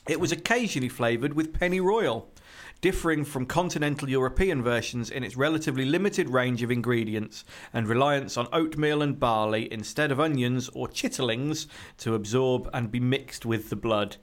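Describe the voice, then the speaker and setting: A man's voice: mid-range voice, moderate pace, hardly any pauses. A man hosting a casual podcast, reading an article aloud with playful, jokey asides. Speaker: podcast host.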